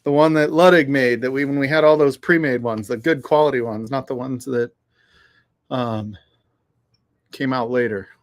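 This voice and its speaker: This man hosts a relaxed livestream chat outside on a windy afternoon, his voice medium-pitched and his pace moderate. He swears freely and greets viewers by name.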